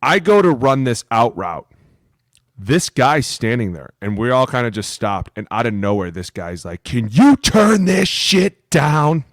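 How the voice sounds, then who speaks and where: A man co-hosting a football podcast, telling stories in a profane, animated way. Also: lowish voice, normal speed, no room sound, clean studio sound. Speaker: podcast co-host, former NFL lineman. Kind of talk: casual chat.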